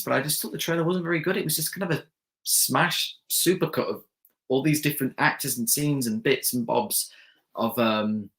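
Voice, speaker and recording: A man's voice: medium pitch, fairly bright tone. A young man hosting a live stream, reading viewer comments aloud and rambling casually with lots of fillers and restarts.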